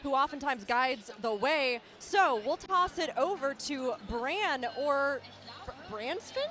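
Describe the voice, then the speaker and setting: A woman's voice: sits high, expressive, slow, fairly bright tone. A woman hosting from a stage, handing over to a presenter. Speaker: stage host. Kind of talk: live event announcing.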